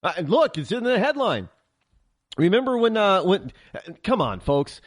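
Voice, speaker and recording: High-pitched, fired-up man ranting. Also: sing-song, moderate pace, no room sound, studio quality. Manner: heated ranting with many restarts and stammers. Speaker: talk show host. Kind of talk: political talk show monologue.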